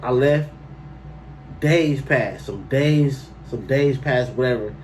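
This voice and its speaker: A man's voice: mid-range voice, slow pace, darkish tone, recorded from a distance, slight background noise, rough recording. A man telling a personal story to camera in a casual, slangy way, breaking into incredulous outbursts.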